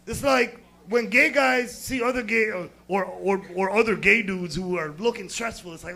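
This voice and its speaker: A young American man doing a crude, rambling stand-up set, jumping from loud bursts to muttered asides. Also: high-pitched, moderate pace, vocal fry. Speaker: stand-up comedian. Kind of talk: stand-up set at an open mic.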